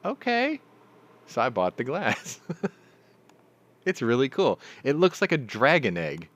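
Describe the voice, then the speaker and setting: A man's voice: mid-range voice, huge pitch swings, slow pace, a bit bright, muffled recording. A middle-aged man hosting a casual live chat, rambling through stories and swearing freely. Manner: profane, rambling storyteller. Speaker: host.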